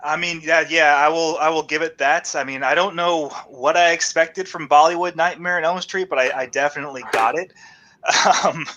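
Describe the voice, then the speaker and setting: A man's voice: fairly high pitch, fairly even intonation, moderate pace, pushed and bright. A man in casual chat, reviewing a cheap horror movie with a co-host, loose and laughing often. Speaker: podcast co-host.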